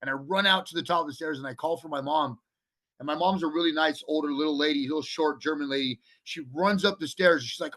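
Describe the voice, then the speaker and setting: Bright, forceful man telling his story. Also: a little high, fast. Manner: blunt and profane, with frequent restarts. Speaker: podcast guest. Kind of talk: candid storytelling in a casual interview.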